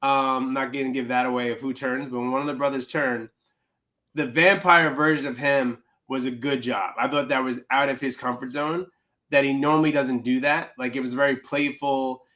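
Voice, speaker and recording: A man's voice: medium pitch, fairly even intonation, normal speed, bright, forceful tone. A man co-hosting a podcast in casual chat, teasing and playful, often restarting his sentences. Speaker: podcast co-host.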